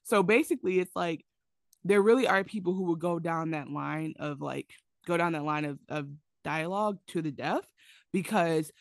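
Animated, outspoken woman co-host, low-pitched. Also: moderate pace, no echo, studio quality. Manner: animated, opinionated, swears freely. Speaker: podcast co-host. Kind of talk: casual chat.

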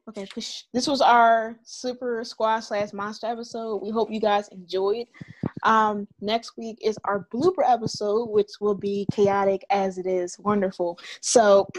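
A woman co-hosting a podcast, chatting casually and ranting in an animated way, with lots of swearing and acted-out quotes. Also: mid-range voice, measured pace. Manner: animated ranting with heavy cursing. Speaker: podcast co-host. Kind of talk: casual chat.

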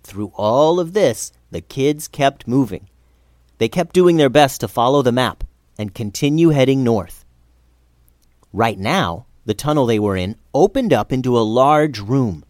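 A man narrating a children's adventure story in an expressive reading voice. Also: medium pitch, a little slow, dry recording, clean studio sound.

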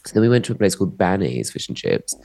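A man's voice: deep voice, sing-song, quick pace, gravelly, a little mellow. A middle-aged man, a comedian co-hosting a podcast, chatting in a playful, gossipy way. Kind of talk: casual chat.

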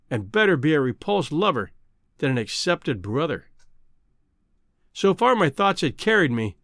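A man narrating a classic novel in an expressive, old-fashioned literary reading. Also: on the high side, dry recording, studio quality. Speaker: audiobook narrator. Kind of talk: storybook narration.

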